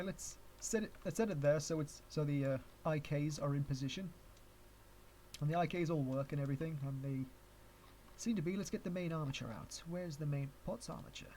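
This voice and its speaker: A man's voice: on the high side, a little mellow, a little hiss or hum. A man with an English accent, originally from Canada, teaching 3D rigging on a live stream. He talks to himself as he works, restarting sentences and chuckling at his own asides. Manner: chatty, rambling, restarts often, chuckles at himself. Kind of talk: live-stream tutorial, thinking aloud.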